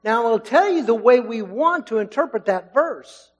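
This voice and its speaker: A man preaching a sermon in a church. He talks in an animated way, swinging between loud and hushed, and acts out the voices of the people in the story. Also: very high voice, normal speed, hardly any pauses, low-quality recording.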